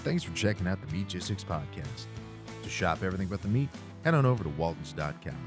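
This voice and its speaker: A man reading a scripted outro as an announcer in a smooth, promotional way. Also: low-pitched, very animated, quick pace. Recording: guitar music behind.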